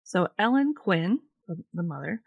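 A woman co-hosting a casual podcast, reading from her notes in a relaxed way. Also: on the low side, a little slow, vocal fry, husky, dry recording, phone-quality sound. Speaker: podcast co-host, researcher.

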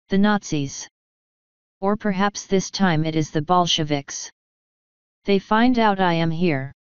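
A frantic young refugee cook, as a woman reader puts her on, pouring out her words in broken English. The voice is clear and dry, and the recording sounds a little dull and lo-fi. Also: on the low side, no echo, close to an everyday voice. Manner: agitated, broken English, rapid outbursts.

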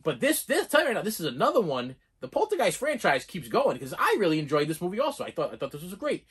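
A man giving casual movie reviews in an excitable, rambling way, full of restarts and fillers. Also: high-pitched, quick pace, breathy edge.

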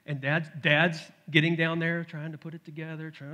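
A middle-aged man preaching a sermon, telling a family story with lively acted-out voices. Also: fairly high pitch, normal speed, highs cut off. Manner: animated storytelling, acts out his toddler's shouts. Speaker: pastor. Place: church sanctuary.

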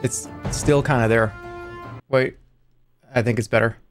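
A man in his thirties streaming games live, talking to his chat in an excitable, exasperated way, swearing and breaking into high-pitched outbursts. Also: a little slow, faint music behind. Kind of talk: live game stream commentary.

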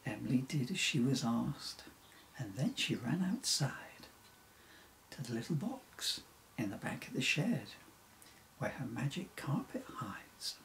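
A man reading a rhyming children's story aloud in an expressive, sing-song way. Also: medium pitch, a little slow, creaky, slight background noise, rough recording.

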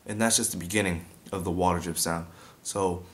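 A man's voice: low voice, steady tone, fairly quick, noisy background. A young man chatting casually as he teaches beatbox sound effects, breaking off to demonstrate mouth sounds. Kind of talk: casual video tutorial.

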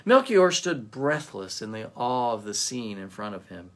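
A male pastor reading a story aloud as a devotion, in a gentle storytelling manner. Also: medium pitch, very animated, measured pace.

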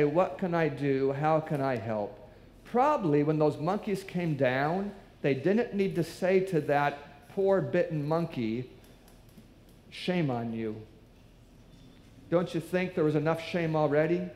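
A man whose voice is a little high and a little mellow preaches in a church, the hall's echo audible on the recording. His sermon unfolds as a story, with him acting out the voices of the people involved.

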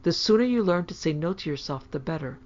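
A woman voicing an anxious, proper mother who fusses and gently scolds in a storybook reading. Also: sits low, lively intonation, fast, highs cut off. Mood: scolding.

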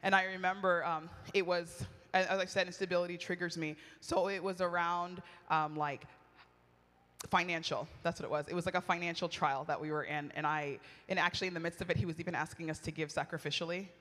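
A woman's voice: lowish voice, steady tone, brisk, fairly bright tone. A middle-aged woman preaching at a retreat, candid and conversational, telling personal stories with animation. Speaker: retreat speaker. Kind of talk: sermon. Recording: long hall reverb.

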